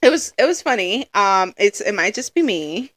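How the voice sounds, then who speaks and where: A young woman co-hosting a casual podcast chat, loud and animated, acting out quotes as she tells stories. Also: mid-range voice, moderate pace, no echo. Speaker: podcast co-host.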